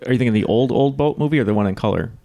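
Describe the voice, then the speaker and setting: A man's voice: medium pitch, rapid-fire, gravelly, warm tone. A man in casual podcast banter, hesitantly thinking aloud through trivia answers. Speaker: podcast co-host, contestant.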